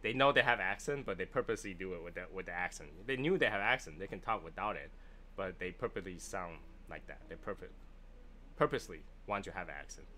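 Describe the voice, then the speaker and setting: Fast and low, with a sharp edge, this Chinese-accented man runs a laid-back livestream reviewing cigars. He jokes around and chats while responding to viewers, and a slight hiss or hum sits under his voice.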